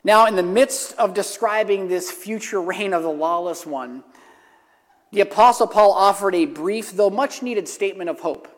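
Man, pastor, sermon, earnest, repeats phrases for emphasis, high voice, long hall reverb. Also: normal speed.

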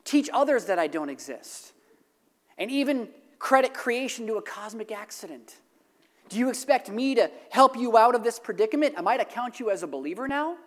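A stern divine voice from the sky speaks in measured, reproachful questions, put on by a preacher telling a joke. A long reverb of a large hall trails each phrase. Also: medium pitch, lively intonation, pitched above the performer's own voice, natural voice.

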